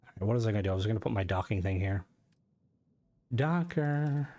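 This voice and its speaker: A man streams a game and chats casually with viewers, rambling, swearing, and using plenty of fillers. His warm voice moves fairly quickly with lively intonation, jumping higher whenever he gets worked up.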